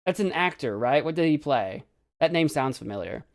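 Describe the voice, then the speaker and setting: A man's voice: fairly high pitch, animated, moderate pace, gravelly, slight background noise. A young man hosting a casual let's play, rambling and self-mocking as he comments on the game.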